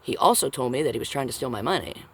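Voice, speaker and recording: A woman's voice: rumbling low, animated, quick pace, slightly rough. A woman vlogger telling a rambling personal story in casual, profane speech, often checking in with her listeners.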